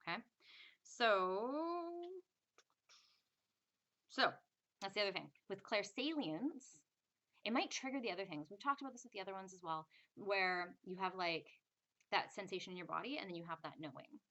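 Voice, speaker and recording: Woman, spiritual teacher, casual chatty talk, low-set voice, bright gravelly tone. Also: fast, highs cut off. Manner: chatty, acts out inner voices in quotes.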